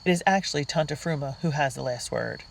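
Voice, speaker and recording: A reader narrating a diary storybook in a girl's first-person voice, earnest and unhurried. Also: fairly high pitch, vocal fry, a little hiss or hum, rough recording. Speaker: audiobook reader.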